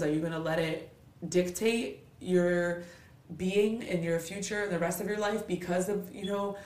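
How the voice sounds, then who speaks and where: A woman's voice: lowish voice, echoey room. A woman hosting a solo podcast, ranting in a candid, blunt, profane and motivational way, tired and with a stuffy nose. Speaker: podcast host.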